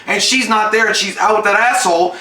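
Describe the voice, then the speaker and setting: A man's voice: sits high, a little fast, sharp tone, reverberant, rough recording. A man co-hosting a casual recap chat, heated and swearing often, acting out scenes. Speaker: podcast co-host reviewing a TV episode.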